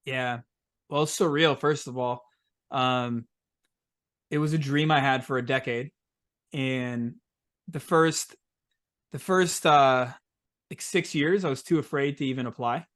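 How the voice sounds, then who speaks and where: A man talking as a podcast guest in a relaxed, rambling way, with lots of "like" and "um". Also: mid-range voice, a little slow, long pauses. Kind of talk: casual interview chat.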